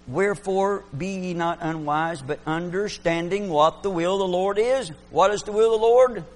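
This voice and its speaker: A man preaching a fervent sermon, swinging between loud exclamations and hushed asides. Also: sits high, normal speed.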